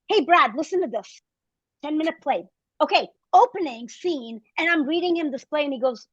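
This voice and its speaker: A fifty-year-old woman tells her story as a podcast guest, acting out the people she quotes. Her voice sits fairly high. The sound is dry and a little muffled. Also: animated, fairly quick, no room sound. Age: 50s. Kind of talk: casual storytelling interview.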